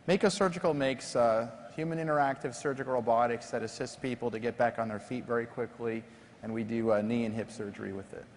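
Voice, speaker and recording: A man being interviewed on a conference stage as a company founder, telling lively self-deprecating stories. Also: mid-range voice, quick pace, a little hiss or hum. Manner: animated, self-deprecating anecdotes. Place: large conference stage before an audience. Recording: long reverb of a large hall.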